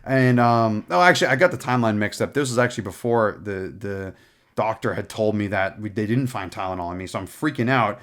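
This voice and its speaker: A man's voice: fairly low pitch, a little fast, a bit bright. A young man hosting a casual show, telling a long personal story in a rambling, profane way full of fillers and restarts. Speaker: podcast host.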